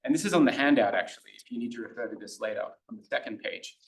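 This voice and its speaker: A man's voice: medium pitch, quick pace. Australian man lecturing, roomy and distant. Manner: chatty, hesitant, many fillers and restarts. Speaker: Greek tutor giving a lecture. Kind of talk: informal lecture.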